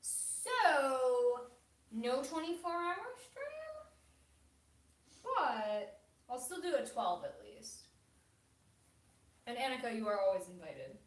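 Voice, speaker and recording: A woman hosting a livestream, chatting casually and laughing often, with a self-deprecating manner and some vocal fry. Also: a little high, sing-song, slow pace, pauses often, echoey room, far from the mic. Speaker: livestream host. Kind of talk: casual chat.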